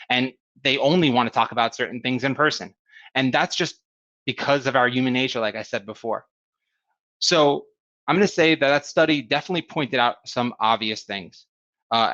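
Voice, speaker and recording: A man's voice: medium pitch, sharp tone, no echo, dull audio. A man giving a conversational keynote talk at a virtual event, with frequent fillers and restarts. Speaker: keynote speaker. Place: home or office, remote virtual event.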